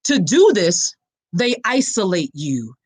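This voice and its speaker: Speaking slowly with big pitch swings, this survivor advocate and podcast host leads a live-streamed awareness talk, passionately preaching to her audience and reading comments. Her voice sits on the low side and is slightly rough, with no room sound.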